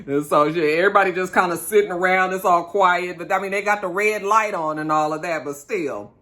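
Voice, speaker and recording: Sassy woman with a bright voice. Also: fairly low pitch. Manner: chatty, profane, sassy, with quick asides to viewers. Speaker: reality TV recap host. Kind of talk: casual episode recap.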